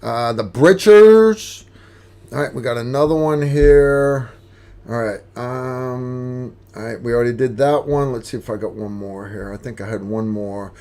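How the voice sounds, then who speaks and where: A man's voice: mid-range voice, normal speed. American man, middle-aged, livestream host, casual joking chat. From United States. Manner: joking, relaxed banter with a friend.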